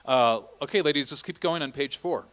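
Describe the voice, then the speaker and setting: A man's voice: a little high, brisk, fairly bright tone. A middle-aged man directing a choir rehearsal in a church, chatty, often singing vowel and Latin examples.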